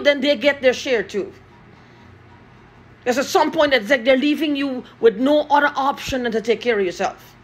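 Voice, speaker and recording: A woman's voice: high voice, normal speed. A woman from Guyana, talking in an angry, profane monologue and repeating herself.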